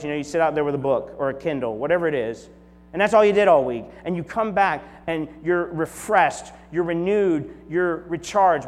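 A male pastor in his forties gives a conversational sermon in a slightly high voice. His delivery moves between upbeat storytelling and quiet, hushed reflection. The church hall adds a long reverb tail over a faint electrical hum. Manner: conversational, moves from lively storytelling to soft, hushed prayerful tones. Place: church sanctuary.

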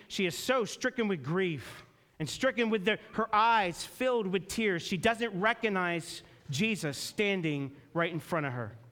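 A man preaching a sermon as a pastor, earnest and storytelling, slowing down and dropping low for emphasis. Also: fairly bright tone.

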